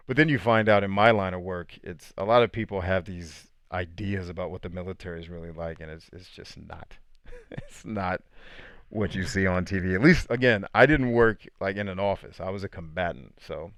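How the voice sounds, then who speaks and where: A man in his thirties hosting a casual live podcast, answering viewer questions with animated storytelling, frequent laughs and quiet asides. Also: deep voice, no echo, studio quality.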